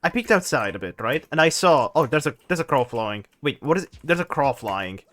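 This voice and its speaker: A man's voice: mid-range voice, sing-song, fairly quick, fairly bright tone. A young man chatting casually on a live stream while gaming, rambling animatedly and laughing often.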